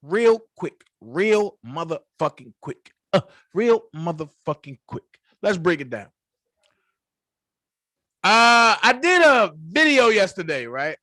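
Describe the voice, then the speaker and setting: A man rants to camera on his own channel, telling the story with plenty of swearing. His voice sits high and swings up and down a lot, and he takes his time getting the words out. The sound is dry and close. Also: takes it slowly, no room sound. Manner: profane, animated storytelling. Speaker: channel host. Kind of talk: casual commentary rant.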